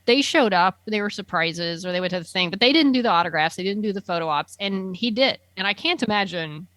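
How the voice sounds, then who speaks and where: A woman in casual chat, telling a long, enthusiastic story and padding it with fillers. Her voice sits in a middle pitch, recorded close and dry. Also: lively intonation, fairly quick, a bit bright, dry recording.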